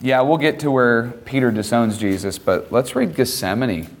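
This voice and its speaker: A man preaching a sermon, retelling the gospel with animated asides and playful voices for the apostle. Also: normal speed. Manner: animated, voices Peter in a high excited tone with laughs.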